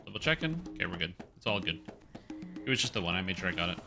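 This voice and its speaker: A man streaming a game, rambling through casual commentary, getting excitable and swearing casually. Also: sits low, very fast, creaky, music in the background.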